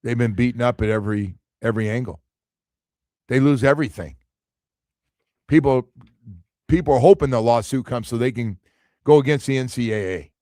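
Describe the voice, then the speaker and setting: Male sports radio host, mid-pitched, dry studio mic, lively storyteller who acts out quotes. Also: moderate pace, long pauses, dry recording. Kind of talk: casual sports talk.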